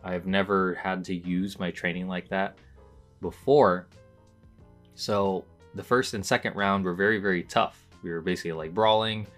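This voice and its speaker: Low-voiced young man telling a story. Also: steady tone, normal speed, a bit bright, soft background music. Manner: chatty, lots of "like" fillers, jumps up in pitch when reliving moments. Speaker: podcast host. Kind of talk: casual storytelling monologue.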